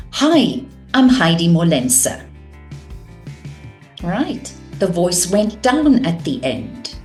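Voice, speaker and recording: A woman teaching a course on communication, calm and measured, showing vocal techniques. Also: lowish voice. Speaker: communication coach.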